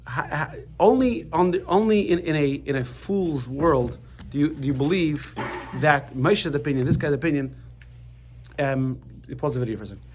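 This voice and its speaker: A man teaching a lively class, switching quickly between explanation and jokes. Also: a little high, slight background noise. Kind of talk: animated class lesson.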